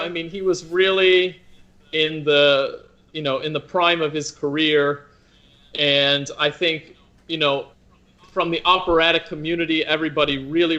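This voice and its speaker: A man's voice: a little high, sharp tone. A man in his thirties from the United States, an opera singer as the guest in a conversational interview, talking thoughtfully with many restarts.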